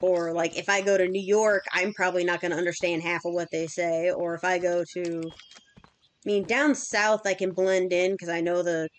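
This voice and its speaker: A woman's voice: on the low side, little pitch movement, moderate pace, clear, resonant tone. A woman in her thirties chatting casually and rambling with fillers while streaming a game. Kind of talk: casual chat while gaming.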